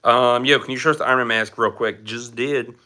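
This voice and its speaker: A man's voice: medium pitch, fairly even intonation, fairly quick, bright, forceful tone. A young man hosting a casual live stream from his home, joking as he answers chat questions.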